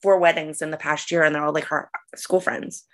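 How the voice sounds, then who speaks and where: A woman's voice: deep voice, little pitch movement, fairly quick. A middle-aged woman co-hosting a podcast, talking frankly and casually with many fillers and restarts. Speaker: podcast co-host. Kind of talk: casual chat.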